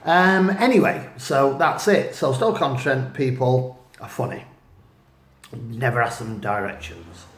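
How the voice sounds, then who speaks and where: A man's voice: mid-range voice, measured pace, echoey room. A man from northwest England who tells stories in a rambling, self-mocking way, with chuckling asides. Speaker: writer and vlogger. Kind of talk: casual storytelling monologue.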